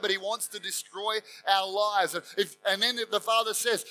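A man's voice: high-pitched, steady tone, brisk, hardly any pauses, bright, forceful tone, soft background music, rough recording. A man preaching a sermon as pastor, telling the story emphatically and acting out the quotes in it.

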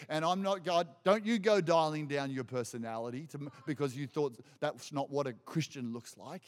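A man with a notably high voice delivers a sermon, driving his points home by repeating phrases. His voice rings out with a long reverb tail, as from a large hall. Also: normal speed, hardly any pauses. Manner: emphatic, repeats phrases for effect. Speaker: preacher.

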